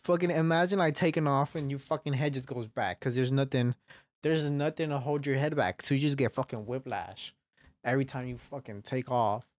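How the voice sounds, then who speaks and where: A man's voice: mid-range voice, steady tone, fairly quick, no echo. A young man hosting a solo podcast, swearing constantly as he rambles casually into his microphone. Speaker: podcast host. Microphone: studio microphone, varying distance.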